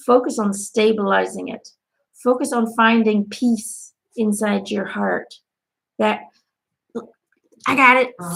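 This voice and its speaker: A woman's voice: mid-range voice, gravelly. Woman doing live angel card readings, casual and blunt, swears a lot, laughs often.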